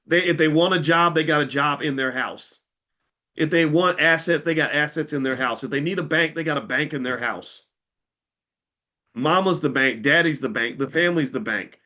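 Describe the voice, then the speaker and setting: A middle-aged man delivers a livestreamed finance talk in a bright, forceful voice. He preaches and repeats his points, sometimes heated and profane. The sound is dull and lo-fi. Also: a little high, normal speed. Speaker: finance educator.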